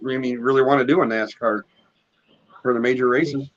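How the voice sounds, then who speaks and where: A man's voice: mid-range voice, steady tone, fairly quick, a little hiss or hum. A man co-hosting a podcast, chatting casually about racing in an offhand, agreeable way. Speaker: podcast co-host. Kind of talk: casual sports chat. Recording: muffled lo-fi audio.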